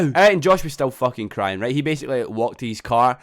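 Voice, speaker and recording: Fast-talking young man. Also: medium pitch, animated. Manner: swears a lot, says "right?" often. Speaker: vlogger. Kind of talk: storytime vlog.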